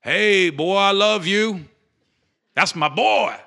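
A preacher mocking up a booming, chummy God. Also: male voice, slow pace, gravelly, heavily acted. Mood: hearty. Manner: loud, cheery, over-the-top. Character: booming fatherly God, hearty and casual.

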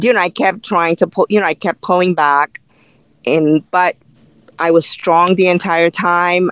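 A woman's voice: low-pitched, clean tone, no echo, poor audio. Chatty woman in a dry close recording. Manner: animated, tells the story through quoted dialogue with many fillers. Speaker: race director and ultrarunner guest. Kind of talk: podcast interview storytelling.

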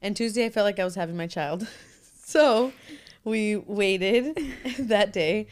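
A young woman co-hosting a casual podcast while nine months pregnant, chatty and quick to laugh. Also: medium pitch, clear, resonant tone. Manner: giggly, chatty, lots of fillers. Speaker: podcast co-host. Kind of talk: casual chat.

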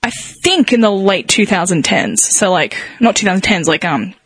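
A woman's voice: medium pitch, animated, moderate pace, a bit bright, husky, no room sound. A woman explaining a hobby in casual chat, with many fillers and light laughs.

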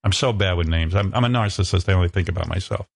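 A male radio host telling a story in casual chat, profane and self-mocking, leaping up in pitch whenever he acts out what other people said to him. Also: creaky. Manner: acts out quoted people with quick pitch jumps.

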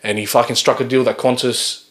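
A man's voice: mid-range voice, flat delivery, a little fast. A man co-hosting a podcast, telling stories in casual chat with plenty of swearing. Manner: storytelling, swearing, laughing along. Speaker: podcast co-host. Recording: roomy echo.

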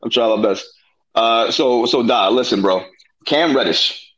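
A man's voice: mid-range voice, measured pace, a bit bright, rough recording. A man co-hosting a podcast in a casual sports debate, pressing the other speaker with pointed questions and slangy banter. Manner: pushy, cross-examining. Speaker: podcast co-host.

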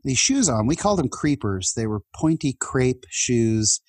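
A man's voice: medium pitch, very animated, a little slow, a little mellow, no echo. A man in his fifties, a podcast guest, tells personal stories in a heartfelt, chatty way with laughs and restarts. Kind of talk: personal storytelling in an interview.

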